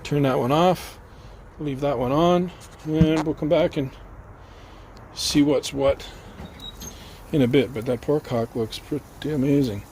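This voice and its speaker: A man's voice: on the high side, unhurried, long pauses, a little mellow, slight background noise. A man hosting a casual cooking vlog, chatty and rambling with lots of fillers. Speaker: cooking channel host. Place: outdoors at a barbecue.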